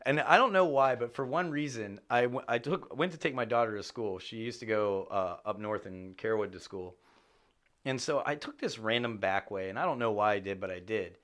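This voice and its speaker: A middle-aged man chatting as a podcast guest, an animated storyteller who swears for emphasis and jumps up in pitch when excited. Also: fairly quick. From Chicago area. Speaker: podcast guest, real estate agent. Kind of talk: casual chat.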